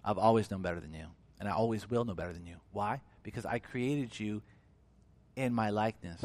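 At a brisk clip, a male preacher delivers an animated sermon, performing the voices he quotes with big jumps in pitch and volume.

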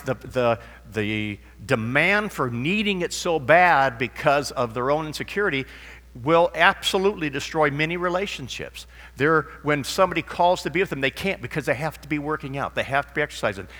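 A man's voice: a little high, bright, forceful tone. A man preaching a sermon in a rambling, anecdotal way with many restarts. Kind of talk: sermon with a told joke. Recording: long hall reverb.

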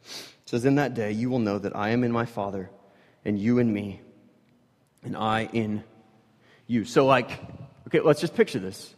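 A man preaching a sermon, swinging from loud emphatic bursts to hushed, low passages. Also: normal speed, pauses often. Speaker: pastor. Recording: reverberant hall.

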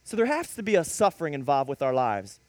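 A male preacher delivering a lively sermon, telling stories and rising to sudden emphatic bursts. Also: on the high side, quick pace, no echo. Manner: animated preaching with storytelling and sudden emphatic rises.

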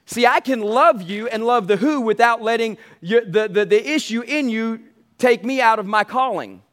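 Man with a very high voice, pastor, emphatic sermon, repeats phrases, calls out to the congregation. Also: moderate pace, a bit bright. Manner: emphatic, repetitive preaching with call to the congregation.

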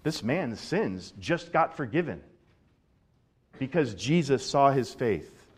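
A male pastor giving a sermon in a conversational, animated way, often repeating words as he builds a point. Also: mid-range voice, takes it slowly, slightly rough.

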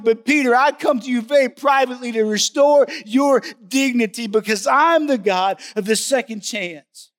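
A man's voice: very high voice, voice pushed up. A male preacher acting out Jesus in a sermon, speaking tenderly and urgently with emphatic repetition. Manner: pleading, emphatic, repeats the name. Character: Jesus, tender forgiving adult man.

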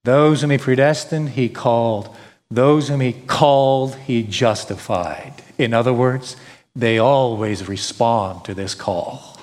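Slow-preaching man in a reverberant hall. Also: mid-range voice, darkish tone. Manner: emphatic preaching with rhetorical questions and repetition. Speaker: pastor. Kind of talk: sermon.

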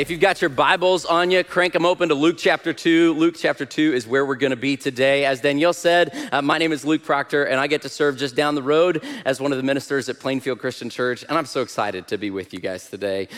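Male guest preacher, lively humorous storytelling, fairly high voice, echoey church hall. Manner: energetic, humorous storytelling, later earnest. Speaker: guest minister. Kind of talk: sermon. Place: church sanctuary.

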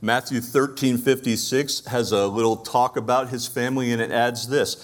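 A man's voice: mid-range voice, fairly even intonation, moderate pace. A man with a Brooklyn accent preaching a conversational sermon, asking his listeners rhetorical questions. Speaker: pastor.

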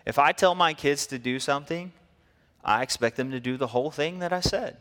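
A man preaching a sermon, telling stories in a lively way and acting out the people in them. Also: on the high side, fairly quick, big-room sound. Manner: storytelling, animated, acts out quotes. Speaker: pastor.

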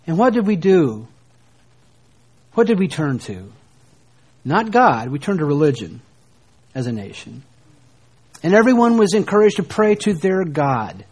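Middle-aged guy preaching, highish voice, goes quiet then pushes up hard. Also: sing-song, measured pace, pauses often, breathy edge. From United States. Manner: preaching, shifting between soft hushed lines and emphatic rises. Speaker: pastor. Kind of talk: sermon.

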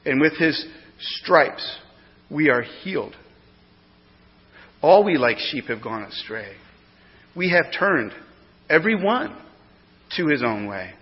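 A man preaching a sermon as pastor, emphatic, swinging between loud declarations and hushed explanation. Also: medium pitch. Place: church sanctuary. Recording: dull lo-fi sound with long hall reverb.

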